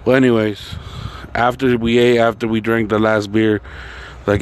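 A man with a fairly low, level voice talks at a moderate pace over slight background noise. He casually tells a rambling personal story, swearing constantly and filling the gaps with "like" and "you know."

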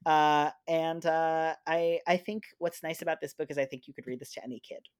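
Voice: mid-range voice, fairly even intonation, moderate pace, clear, resonant tone, no room sound, clean studio sound. A podcast host chatting casually about a children's book, with frequent laughter. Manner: chatty, with many fillers and restarts, often laughing. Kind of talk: casual chat.

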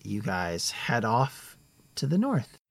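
A man narrating as game master in a tabletop game, relaxed with frequent fillers. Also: medium pitch, slow, creaky.

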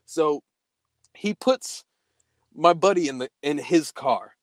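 Profane, animated young man telling a story. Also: on the high side, takes it slowly, dry recording. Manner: profane, animated, acts out quoted dialogue. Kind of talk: casual podcast storytelling.

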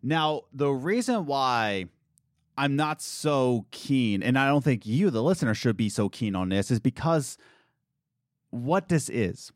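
A man hosts a casual podcast with a lively voice that swings up and down in pitch as he jokes and circles back on his points. The sound is dry and close to the mic. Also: a little slow, no echo. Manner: animated, jokey, wordy with restarts. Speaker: podcast host. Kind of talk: casual commentary chat.

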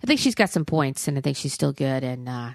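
A middle-aged woman with a low, gravelly voice talks in candid, profane, rambling chat about films. Her voice sits dry and close to the mic, with no room around it. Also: very animated, fairly quick, no echo. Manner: candid, profane and chatty with frequent restarts. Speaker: podcast co-host reviewing films. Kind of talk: casual chat.

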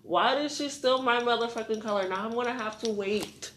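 A young woman hosting a solo podcast, talking to herself and rambling with lots of swearing, dropping to whispers and rising to loud venting. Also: a little high, a little fast, slight background noise. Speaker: podcast host.

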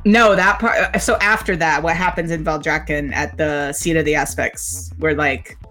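A woman co-hosting a casual podcast chat, excitable and swearing often, filling her talk with "like". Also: deep voice, normal speed, faint music behind. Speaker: podcast co-host. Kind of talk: casual chat about a video game. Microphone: desk microphone.

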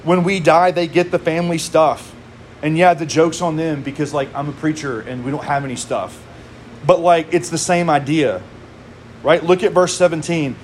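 A man in his thirties preaches in a relaxed, conversational way, mixing in casual asides. His voice sits a little higher than most men's. A faint air conditioning hum runs underneath. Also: moderate pace. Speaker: pastor. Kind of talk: sermon.

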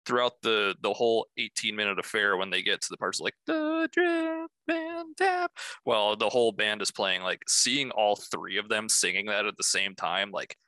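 A man's voice: fairly low pitch, fairly even intonation, fairly quick, few pauses, bright, forceful tone, no room sound. A man co-hosting a casual music podcast, telling a story with enthusiasm. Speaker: podcast co-host.

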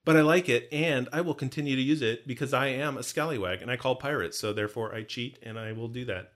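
A man's voice: medium pitch, quick pace, a bit bright. A man co-hosting a podcast in a studio, playful and teasing, with bursts of mock outrage. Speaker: podcast co-host. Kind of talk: casual podcast chat. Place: hot recording studio.

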